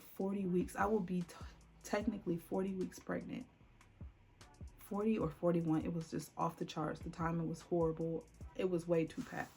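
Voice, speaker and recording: A woman's voice: lowish voice, creaky, mellow. A woman telling a dramatic personal story on her vlog, acting out the voices of the people in it. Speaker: vlogger.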